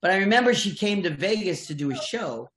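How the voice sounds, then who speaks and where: A man's voice: sits high, animated, a little fast, fairly bright tone. An older man, a voice actor, telling rambling, chuckling anecdotes in casual chat with many restarts. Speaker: voice actor guest. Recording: echoey room.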